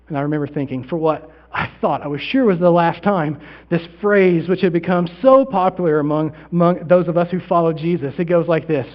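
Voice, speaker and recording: A pastor performing a first-person dramatic monologue in a sermon, with long pauses, sinking to a hush and then swelling loud. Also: male voice, fairly high pitch, muffled recording. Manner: theatrical storytelling with long pauses, dropping to near-hushed then swelling loud.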